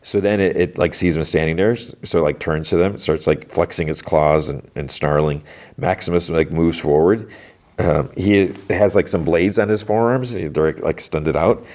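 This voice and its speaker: A man's voice: deep voice, moderate pace, darkish tone. A man hosting a podcast, recapping a TV episode in a loose, rambling way full of "like" and restarts. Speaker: podcast host.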